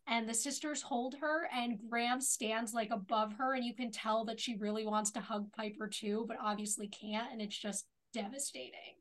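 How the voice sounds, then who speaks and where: Woman recapping a show on a podcast, kinda high voice, opinionated. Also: fairly even intonation, normal speed, hardly any pauses, a bit bright. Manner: opinionated, retells scenes in detail. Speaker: podcast co-host. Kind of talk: casual chat and episode recap.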